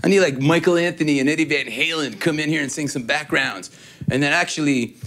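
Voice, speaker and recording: A man's voice: fairly high pitch, fast talker, a bit bright, slight background noise. A man giving a casual guitar demo, telling rambling, joking stories between playing. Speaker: guitar demonstrator. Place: guitar shop.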